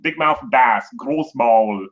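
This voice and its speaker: A man's voice: mid-range voice, slow pace. A man from Germany, hosting a casual whisky live stream and cheerfully explaining words. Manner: friendly, explains words, laughs easily. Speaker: whisky channel host. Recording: muffled lo-fi stream audio.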